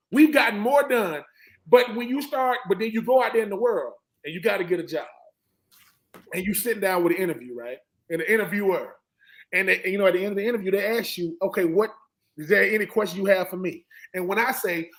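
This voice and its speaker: A man's voice: sits high, fast talker, rough recording. A middle-aged man, a former college football player and panel guest, telling emphatic stories about coaching and acting out what coaches and players said. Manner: emphatic, preachy, acts out quotes of coaches and players. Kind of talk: animated sports talk, storytelling.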